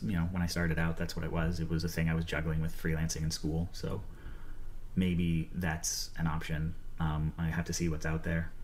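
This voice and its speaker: A man speaking as a YouTuber in a reflective, hesitant monologue with many pauses and ums. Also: low voice, slight background noise.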